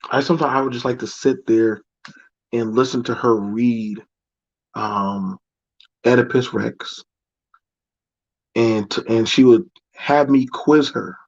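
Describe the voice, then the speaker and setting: A man telling a personal story to his viewers in a reflective, halting way. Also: medium pitch, gravelly. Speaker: vlogger. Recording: dry, dull lo-fi recording.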